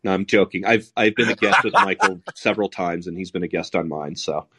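A man's voice: sits low, a little fast, sharp tone, slightly rough. A man hosting a podcast, talking politics in a casual, sardonic and profane way. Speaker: podcast host.

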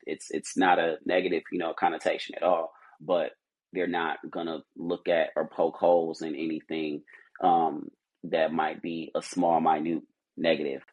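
A man's voice: very deep voice, husky, narrow, tinny audio. A man who heads a company, speaking as a podcast guest, earnest and motivational, rambling with many restarts. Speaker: CEO guest. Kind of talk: podcast interview, motivational talk.

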